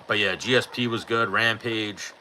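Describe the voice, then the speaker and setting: Host, thirties; lowish, piercingly bright voice, blunt and profane, faint hiss behind. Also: male voice, fairly even intonation, normal speed, low-quality recording. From New York. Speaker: podcast host answering live chat. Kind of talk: casual chat.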